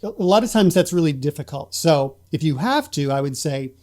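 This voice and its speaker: A man speaks as a guest coach in an interview and explains his ideas patiently and thoughtfully. His voice is mellow and warm and sits a little high for a man. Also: lively intonation, a little fast. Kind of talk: casual interview chat.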